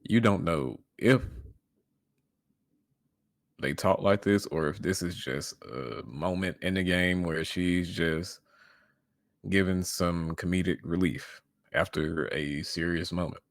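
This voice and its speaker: Deep gravelly man reacting to a video. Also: no room sound, clean studio sound. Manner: measured, repeats words when pressing a point. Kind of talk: casual reaction commentary.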